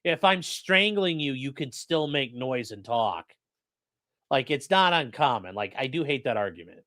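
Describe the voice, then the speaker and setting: Man, attorney, stream host, jokey, profane, lively pitch, dry close sound. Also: a little slow, no echo. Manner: animated, profane, joking, does voices. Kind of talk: live-stream commentary on court footage.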